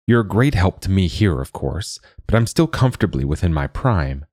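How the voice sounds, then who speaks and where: A self-important middle-aged mayor talks in a formal, pompous tone, pitched a bit higher than a deep storyteller's own voice, as a male narrator puts him on. Under the ceremony he is anxious about his post. The sound is dry and close. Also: sing-song, normal speed, a little mellow, dry recording.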